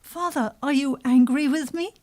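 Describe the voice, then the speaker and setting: A woman voicing a gentle, loving youngest princess who speaks earnestly to her father. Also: sits high, moderate pace, voice pushed up, lightly acted.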